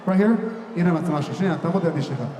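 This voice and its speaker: A young adult man hosting a big live event with a handheld mic, shouting playful banter to the crowd. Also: on the high side, very fast, a little hiss or hum. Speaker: emcee of a large live event. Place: large indoor hall with a big audience. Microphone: handheld microphone. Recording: echoey hall, mic heard from far off, music and crowd behind.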